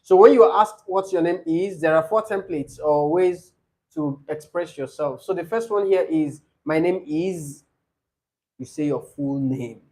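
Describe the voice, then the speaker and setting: Male tutor, higher-pitched, patient and repetitive coaching delivery. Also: unhurried, a little mellow. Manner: explains patiently, repeats examples, laughs easily. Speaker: IELTS speaking tutor. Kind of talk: classroom coaching.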